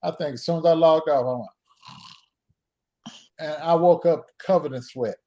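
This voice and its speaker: A man's voice: fairly high pitch, moderate pace, mellow, dull audio. A man hosting a live stream, rambling through a self-mocking story and acting out the dialogue. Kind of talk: casual storytelling. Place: home.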